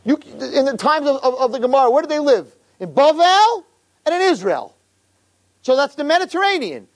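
A man giving an animated storytelling sermon as a religious teacher, who keeps checking in with the audience. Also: extremely high pitch, normal speed. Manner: animated, keeps asking "right?".

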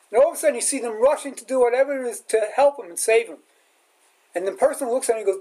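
A man's voice: extremely high pitch, fast, rough recording. A man giving a sermon as a rabbi and teacher, retelling a film scene and acting out its lines. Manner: animated storyteller acting out quotes. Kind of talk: sermon with storytelling.

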